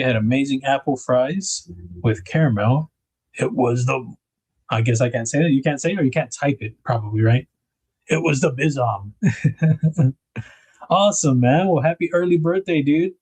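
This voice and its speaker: Speaking at a moderate pace in a mid-range voice that's darkish and a bit rough, a man hosts a casual livestream. He chats to viewers and frequently laughs while reading their comments aloud.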